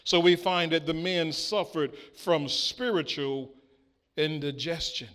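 Male preacher, high voice, slow and deliberate, reads scripture and calls for responses. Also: a bit bright. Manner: slow, deliberate delivery with call-and-response prompts; acts out biblical speakers in quoted voices. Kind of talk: sermon with scripture reading.

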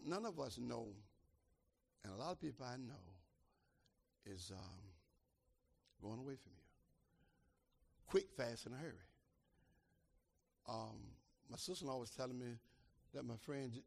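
An older man preaching a sermon as pastor, swinging from shouted climaxes to quiet, conversational asides. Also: mid-range voice, creaky, husky.

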